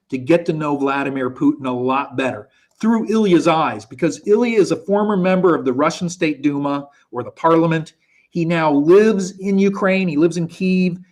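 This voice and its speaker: A man with a slightly raised pitch hosts a live online show in easy, chatty speech. He thinks aloud as he goes, keeping it casual. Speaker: show host. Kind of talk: casual live-stream hosting. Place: Poland. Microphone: video call.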